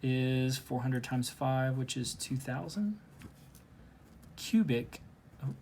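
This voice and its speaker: A man teaching calculus in a relaxed, recorded lesson. He talks through each step aloud as he works the problem, keeping his voice at an ordinary middle pitch. The delivery is casual and conversational. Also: slow pace, a little hiss or hum. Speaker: math teacher. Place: at home.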